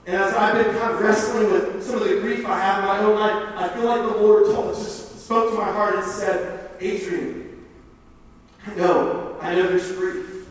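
A man's voice: high-pitched, steady tone, normal speed. A man giving an earnest, conversational sermon to a youth camp, full of casual fillers. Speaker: camp speaker. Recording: echoey hall, heard from far off.

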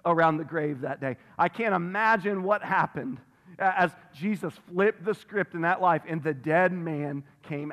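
A man's voice: high voice, fairly bright tone. A man preaching a sermon as pastor, emphatic, repeating phrases for stress and reading scripture aloud. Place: church sanctuary. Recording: long reverb of a large hall.

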